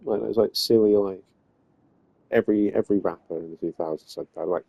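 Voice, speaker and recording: A man's voice: lowish voice, brisk, gravelly, warm tone, no echo. A man giving goofy, rambling commentary while playing a game, swearing freely. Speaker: gaming video host. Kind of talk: casual gameplay commentary. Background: game music and sounds.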